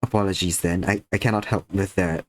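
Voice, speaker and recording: A man's voice: low voice, steady tone, brisk, no echo. A tired man chatting to viewers during an art stream, a little sick, drowsy and slurring slightly. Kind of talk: casual stream chat while drawing.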